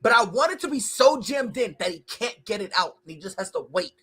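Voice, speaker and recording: A man's voice: high voice, expressive, fairly quick, bright, forceful tone, husky. A man hosting a casual sports podcast, ranting and joking about wrestling and basketball. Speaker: podcast host.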